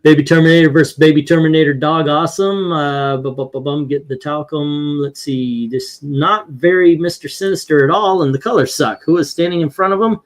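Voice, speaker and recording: A man's voice: fairly high pitch, steady tone, fairly quick, few pauses. Upbeat man hosting a livestream panel. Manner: upbeat, tallying votes aloud. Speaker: host. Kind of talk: casual livestream panel chat.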